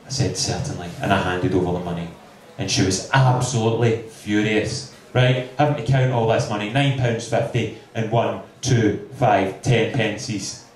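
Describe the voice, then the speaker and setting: A man's voice: fairly low pitch, moderate pace, few pauses, darkish tone. A Scottish man in his twenties doing a stand-up routine, telling a story with dry asides. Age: 20s. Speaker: stand-up comedian. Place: comedy club stage. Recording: echoey venue from far off.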